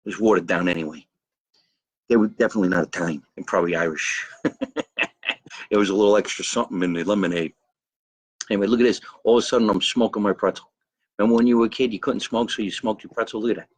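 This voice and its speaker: A boastful man talks to his live-stream viewers, drifting from topic to topic and calling out names as he goes. His voice sits fairly low, and the sound is close and dry, with little room around it. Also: very fast, slightly rough, no room sound. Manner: rambling, boastful, greets viewers by name. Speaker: host of a live comedy show. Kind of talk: live-stream comedy monologue. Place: backyard by a grill and pool, outdoors.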